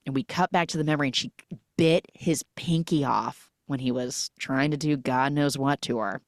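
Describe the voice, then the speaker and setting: Low-voiced woman retelling a movie. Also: moderate pace, dry recording, studio quality. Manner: animated storytelling, quoting characters. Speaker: podcast host. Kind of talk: movie recap podcast.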